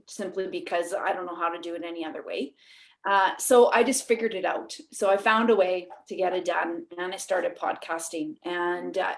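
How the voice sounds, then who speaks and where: A woman with a Canadian accent, talking animatedly as a guest in a podcast interview, laughing often. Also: mid-range voice. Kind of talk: casual interview.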